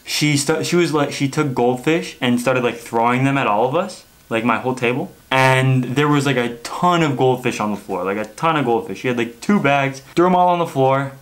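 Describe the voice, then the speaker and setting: A young man rants straight to camera in a loose, chatty vlog. He tells stories in an animated way, dropping "like" and "okay?" all the time, and his voice sits at a mid pitch. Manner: animated storytelling, frequent "like" and "okay?". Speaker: wrestling vlogger. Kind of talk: casual vlog rant.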